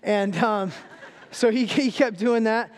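High-voiced man preaching in echoing church. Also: fairly even intonation, slow. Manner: humorous storytelling, conversational. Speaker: guest preacher. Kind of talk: sermon with family stories. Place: church sanctuary.

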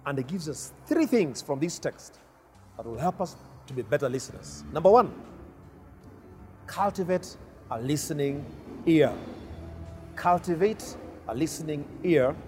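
Man preaching a slow, emphatic sermon. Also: on the high side, lively intonation, dark tone, soft background music. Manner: repeats key phrases, slow emphatic delivery.

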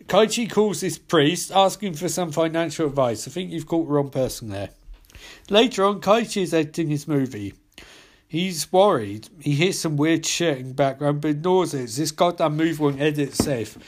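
A man's voice: a little high, animated, moderate pace. A young man recapping a horror film, full of sarcastic, profane asides. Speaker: film reviewer.

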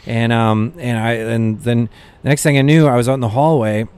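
A man who is a comedian, telling stories in a casual chat, animated and full of filler words. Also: medium pitch, moderate pace, clean tone. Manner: animated anecdotes with frequent fillers. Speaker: comedian guest.

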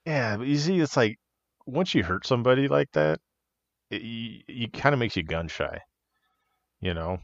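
A man's voice: mid-range voice, expressive, moderate pace, creaky, long pauses, no room sound. A man co-hosting a podcast, telling locker-room stories in casual chat, laughing often and swearing freely. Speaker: podcast co-host, wrestler. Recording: dull, muffled audio.

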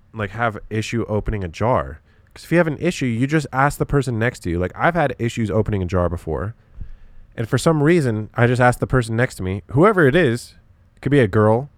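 A man's voice: mid-range voice, no room sound. A young man talking in a rambling, profane way with lots of fillers, hosting a casual solo podcast.

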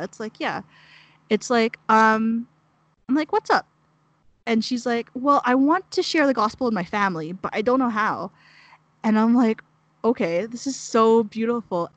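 Young woman, mid-pitch, dry close sound, rambling heartfelt storyteller. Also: dry recording. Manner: rambling, heavy use of "like", emotional storytelling. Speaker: guest sharing a mission story. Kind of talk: casual chat.

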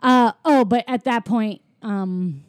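A woman casually retelling a film's plot to a co-host, animated, with lots of fillers. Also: fairly high pitch, slow, no room sound, clean studio sound. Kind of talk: casual film recap chat.

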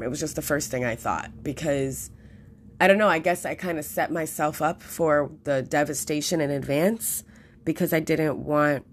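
A woman's voice: low-pitched, slight background noise. A young woman hosting a podcast, talking earnestly through a personal reflection with frequent fillers and restarts. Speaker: podcast host.

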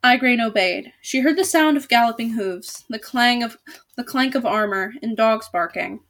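A woman's voice: fairly high pitch, normal speed, fairly bright tone. Woman reading a storybook aloud. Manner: casual asides, self-corrections. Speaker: storybook reader. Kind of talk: reading a children's novel aloud.

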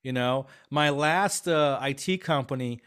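A man's voice: mid-range voice, unhurried, smooth. Chatty man with lots of fillers. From half Swiss, half Filipino family. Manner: animated storyteller, many fillers and restarts. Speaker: guest, business consultant. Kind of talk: casual interview talk.

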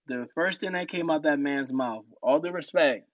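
A man telling war stories in a casual podcast interview, animated and laughing, acting out other people's lines in a raised voice. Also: moderate pace, dry recording. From United States. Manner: animated storyteller, acts out quotes in high voices, laughs often. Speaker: guest. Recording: dull lo-fi podcast audio.

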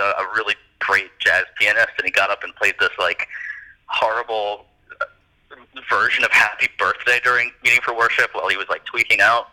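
A man co-hosting a casual comedy podcast, lively and laughing, wandering off on tangents. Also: lowish voice, low-quality recording. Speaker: podcast co-host.

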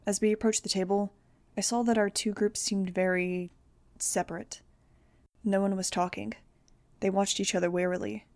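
Young woman reading a novel out loud, steady and plain, middle pitch, dry close sound. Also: normal speed, no room sound. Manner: steady, plain first-person storytelling. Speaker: audiobook reader. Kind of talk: amateur audiobook narration.

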